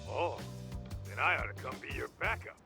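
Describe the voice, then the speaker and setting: A man's voice: mid-range voice, lively intonation, normal speed, creaky. A man voicing a laid-back adult male detective buddy in a video game, joking and laughing easily. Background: game music.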